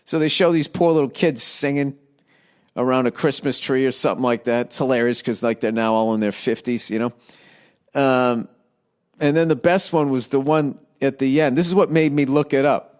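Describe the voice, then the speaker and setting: At a normal pace and in a mid-range voice, a middle-aged man hosts a podcast, delivering a rambling, profane comic rant. He talks into a windscreened studio mic and drifts into silly voices.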